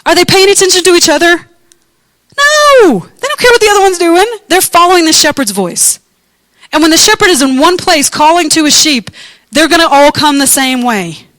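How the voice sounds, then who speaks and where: A woman pastor giving a conversational, animated sermon to a congregation, sometimes acting out voices in high squeals. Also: moderate pace, dry recording, poor audio. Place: church room with congregation.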